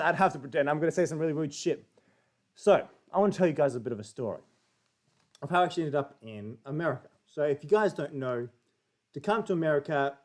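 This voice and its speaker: A man's voice: on the high side, darkish tone. A young Australian man in a casual, profane, jokey chat, telling a story as a livestream guest.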